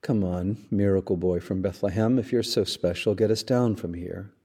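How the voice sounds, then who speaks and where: A man's voice: low-pitched, steady tone, moderate pace, warm tone, slightly rough. A man doing a scornful thief's taunt. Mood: mocking. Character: mocking dying male thief, scornful.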